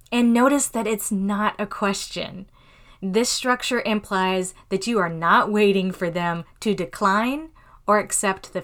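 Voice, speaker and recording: A woman hosting a podcast English lesson, reading example phrases slowly and clearly. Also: medium pitch, a bit bright. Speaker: English teacher and podcast host.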